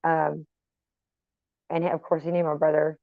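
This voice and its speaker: Middle-aged woman vlogger, lower voice, chatty and profane, dull dry sound. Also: level tone, moderate pace, gravelly, no echo. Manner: chatty, swears freely, wanders off on tangents. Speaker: vlogger talking to viewers. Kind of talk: casual rambling chat. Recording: slightly dull, dry recording.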